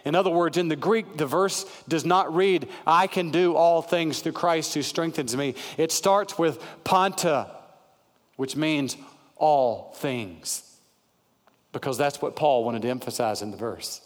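Slow, emphatic male preacher in a hall. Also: fairly high pitch. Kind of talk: sermon. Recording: long hall reverb.

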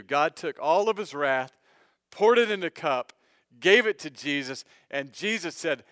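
A man preaching a sermon in a smooth, resonant voice that sits a little high for a man. He speaks earnestly and directly to the congregation, building phrases up loudly and then dropping to a hush. The sound is close and dry. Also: animated, a little slow, dry recording. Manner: dramatic swings between loud emphasis and hushed low phrases. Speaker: pastor.

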